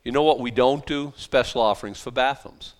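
Joking pastor, smooth voice. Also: male voice, mid-range voice, a little fast. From South Boston. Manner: conversational, joking asides, frequent restarts. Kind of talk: verse-by-verse sermon.

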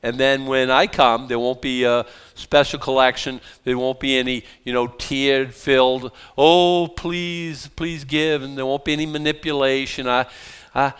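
Man, pastor, conversational sermon, joking asides, smooth resonant voice. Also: medium pitch, level tone, moderate pace, a bit bright. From South Boston. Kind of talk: verse-by-verse sermon.

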